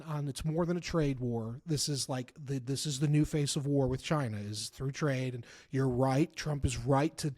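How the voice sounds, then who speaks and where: A man talking politics as a guest in a casual conversation, telling stories with emphatic repeats and bursts of loud laughter. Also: a little high. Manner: animated storyteller, laughs loudly, repeats for emphasis. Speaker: author and guest.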